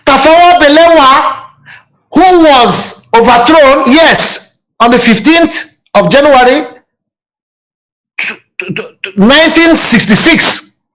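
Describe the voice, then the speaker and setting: A man's voice: very high voice, fairly bright tone, rough recording. A man with a Nigerian accent, from southeastern Nigeria, giving a fiery, aggressive political talk as a panelist, full of rhetorical questions.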